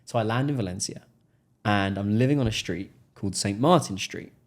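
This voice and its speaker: An English man speaks as a podcast guest, his voice sitting a little low. He tells his story with energy and often acts out the people he is quoting. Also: a little fast. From England. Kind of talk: casual interview storytelling.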